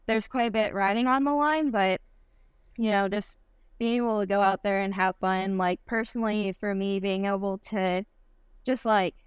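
A young woman from Michigan, speaking with a Michigan accent, appears as a guest athlete on a podcast, chatting casually. Her voice is medium-pitched with fairly even intonation, a moderate pace and a clear, resonant tone in a dry recording. She's upbeat and giggly, laughing often and saying "like" a lot.

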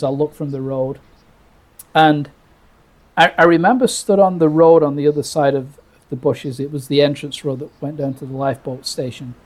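A man from Britain telling a birding story casually, full of restarts and acted-out quotes. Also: fairly high pitch. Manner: animated, restarts often, acts out quoted lines.

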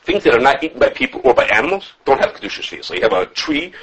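A man full of gives a quick, informal halachic class, correcting himself as he goes. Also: mid-range voice, gravelly, breathy edge. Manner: animated, quick, self-correcting, answers questions. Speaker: Torah teacher. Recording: dull lo-fi recording.

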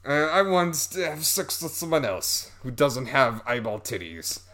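A man's voice: very animated, a little slow, a bit bright. A man putting on a bad fake French accent. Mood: mocking. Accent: mock French. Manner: exaggerated, high-pitched parody.

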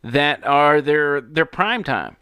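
Bright, emphatic male talk host. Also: a little high, lively intonation, smooth. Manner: emphatic, with halting restarts. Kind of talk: casual political talk.

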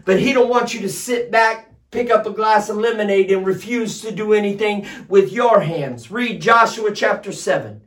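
A man pastor preaching a sermon, building to loud shouted emphasis on repeated lines. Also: high-pitched, normal speed, few pauses, distant mic. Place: streamed service addressed to home viewers.

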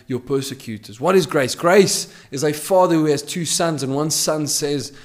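Emphatic male preacher, loud then hushed. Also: on the high side, normal speed. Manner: emphatic, repeats key phrases, swings between loud and hushed. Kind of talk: podcast sermon.

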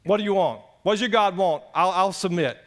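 A man's voice: high-pitched, a little fast, voice pushed up, natural voice. A man preaching voices an ancient king giving in, casually and pleadingly.

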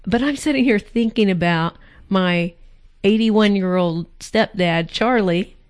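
Woman in her 40s, podcast co-host, chatty and excited, telling stories about family. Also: mid-range voice, measured pace. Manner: animated, enthusiastic storyteller. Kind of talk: casual family chat.

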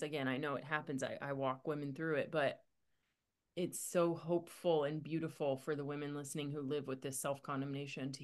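A woman hosting a faith podcast, thinking aloud in a halting, searching way with many restarts as she asks her guest questions. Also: low voice. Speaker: podcast host; women's ministry mentor. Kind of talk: faith-based casual conversation.

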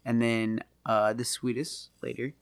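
A young man co-hosting a podcast, telling a rambling story with laughs, swinging between loud and quiet. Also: medium pitch, level tone, measured pace, smooth, dry recording. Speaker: podcast co-host. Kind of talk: casual storytelling chat.

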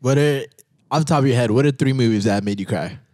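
A man's voice: mid-range voice, fast, mellow, dry recording. Easygoing young man hosting a podcast. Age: 20s. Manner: easygoing, agreeable. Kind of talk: casual podcast chat.

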